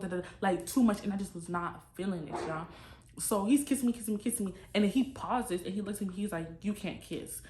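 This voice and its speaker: A woman telling a storytime to camera in a casual, animated, slangy way, talking straight to her viewers. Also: mid-range voice. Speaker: storytime vlogger. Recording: echoey room.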